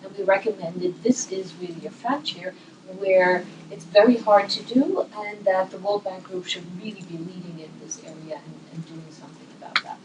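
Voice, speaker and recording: A woman speaking on a panel in a thoughtful, measured way, pausing with fillers and restarting her sentences. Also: fairly low pitch. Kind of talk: panel discussion remarks. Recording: distant mic with clear noise.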